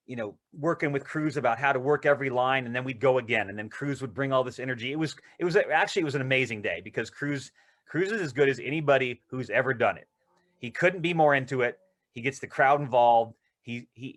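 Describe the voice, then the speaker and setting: A male actor, interviewed as a guest, telling rambling, excited anecdotes in casual conversation. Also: mid-range voice.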